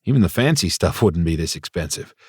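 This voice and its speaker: Male audiobook narrator, deep and wry, confiding first-person read, dry booth sound. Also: expressive, a little fast, slightly rough, no room sound. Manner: wry, confiding inner monologue.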